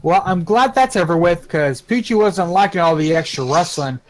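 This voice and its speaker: A man with a somewhat high voice, playing his character at a tabletop game. He talks in a chatty, easygoing way. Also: lively intonation, moderate pace, slight background noise. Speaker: player.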